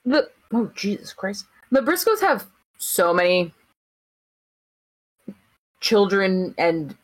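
A woman's voice: mid-range voice, sing-song, slow pace. A woman co-hosting a podcast, chatting casually with wry, sarcastic asides. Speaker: podcast co-host. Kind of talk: casual chat.

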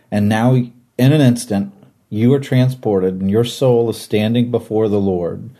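A man's voice: on the low side, normal speed, mellow. A man discussing a Bible passage in an earnest conversational way, sometimes acting out quoted voices. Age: adult, former teacher. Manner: earnest, acts out quoted voices, laughs easily.

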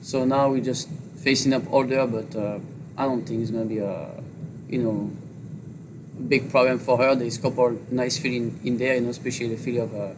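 Brief: a man with a French accent, a jockey being interviewed, speaking in a halting, filler-heavy way over clear background noise. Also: mid-range voice, steady tone. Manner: halting, filler-heavy speech with many "you know"s. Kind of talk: interview on horse racing.

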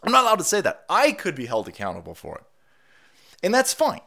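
A man's voice: high voice, huge pitch swings, brisk, vocal fry, pushed and bright. A man hosting a casual livestream, congested from a cold and a bit winded, talking in a sarcastic, profane, rambling way. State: stuffy nose from a cold. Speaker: streamer host.

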